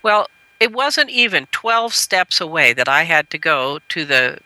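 A middle-aged woman, a parenting educator, telling a personal story as a radio interview guest in an earnest, gentle way. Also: big pitch swings, unhurried, dry recording, poor audio. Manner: earnest, gentle storyteller who lifts her pitch when quoting.

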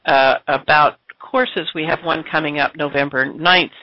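A woman's voice: low voice, no room sound, lo-fi sound. A woman hosting a radio talk show, upbeat and chatty, with fillers.

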